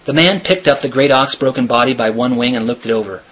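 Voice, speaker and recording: A man reading a novel aloud in a steady, earnest storytelling manner. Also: medium pitch, fast. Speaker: reader.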